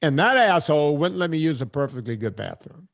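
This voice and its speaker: A man's voice: a little high, very animated, a little fast. An older man hosting a podcast, telling a profane, exasperated story in casual chat. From California. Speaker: podcast host.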